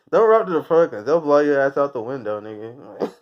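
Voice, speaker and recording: Laughing, swearing man on a dull recording. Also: fairly high pitch. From United States. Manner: rambling, crude, laughs often at own jokes. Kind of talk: casual profane rant.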